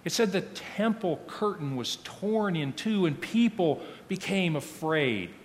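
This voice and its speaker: Male pastor delivering a solemn sermon, slow and expressive, with long church reverb. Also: sits high. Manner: slow, solemn reading with falling, hushed phrase ends. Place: church sanctuary.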